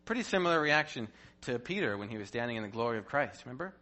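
Bright-voiced man teaching the Bible. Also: mid-range voice, very fast, hardly any pauses. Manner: animated, playful asides and rhetorical questions.

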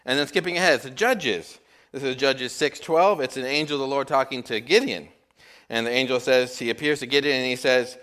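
A man's voice: medium pitch, steady tone, quick pace, pushed and bright, clear, resonant tone. Sex: man. Role: guest preacher. Style: sermon with a told joke. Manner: casual, conversational.

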